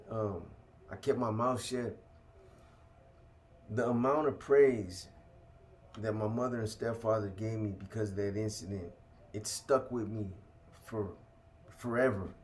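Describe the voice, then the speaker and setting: A man's voice: lowish voice, measured pace, long pauses, darkish tone. A man casually telling a story from his own life, full of street slang and swearing, often tacking "man" onto the end of a sentence. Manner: street slang, heavy cursing, keeps adding "man".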